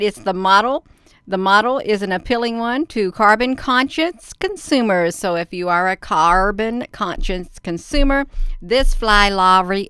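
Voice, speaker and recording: A woman's voice: mid-range voice, fairly bright tone, clear, resonant tone, no room sound, studio quality. Chatty woman hosting a livestream. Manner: chatty, laughs often, addresses viewers as "you all". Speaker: livestream host. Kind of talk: casual live-stream commentary reading a news article. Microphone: phone.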